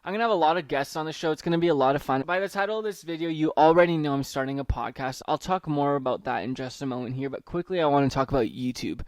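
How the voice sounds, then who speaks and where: A man's voice: a little high, quick pace, few pauses, no echo. A young man hosting a solo podcast intro, nervous and rambling, reading from a letter and swearing casually. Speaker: podcast host.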